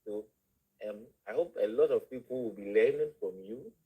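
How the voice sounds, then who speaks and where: A man with an African accent, a guest in a spiritual discussion, who talks haltingly and repeats words as he searches for the phrasing. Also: mid-range voice, breathy edge, phone-quality sound. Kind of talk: spiritual discussion on a live show.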